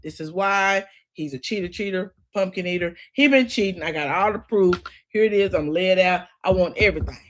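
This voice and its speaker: A woman's voice: fairly low pitch, slight background noise. A middle-aged woman hosting a recap show, chatting casually and with sass. She talks straight to her viewers and laughs often. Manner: sassy, animated, quick to laugh. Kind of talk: casual opinionated chat.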